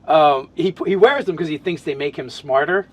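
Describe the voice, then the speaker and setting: A man's voice: on the high side, moderate pace, husky, no room sound. Rambling man chatting about his character. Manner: rambling, many restarts and fillers. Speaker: tabletop game player. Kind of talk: casual podcast chat.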